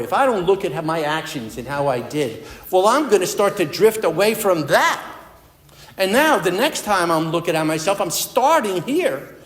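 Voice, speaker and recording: A man giving a personal recovery talk at a meeting, telling his story in an earnest, conversational way. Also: high-pitched. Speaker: AA speaker. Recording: echoey hall with long reverb.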